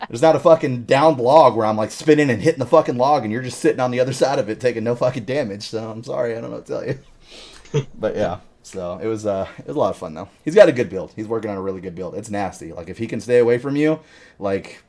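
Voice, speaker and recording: Guy rattling off game stories super fast, cursing nonstop, casual podcast chat. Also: mid-range voice, darkish tone. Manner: rambling storytelling with heavy swearing. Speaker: podcast host.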